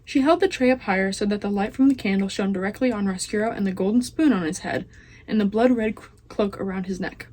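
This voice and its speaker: A woman's voice: medium pitch, a little fast, a little mellow. A teenage girl, a student, reading chapters of a children's novel aloud. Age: teens. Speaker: student reader.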